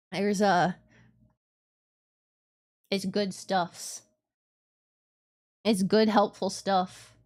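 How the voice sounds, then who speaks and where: A woman's voice: medium pitch, animated, extremely slow, long pauses, a little mellow. A woman streaming a video game, chatting casually in a rambling, self-deprecating way with lots of giggles.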